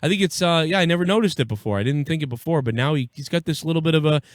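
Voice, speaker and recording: A man's voice: fairly high pitch, expressive, racing, no room sound, studio quality. A man hosting a casual live call-in show, rambling and profane, laughing easily. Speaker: live show host taking calls.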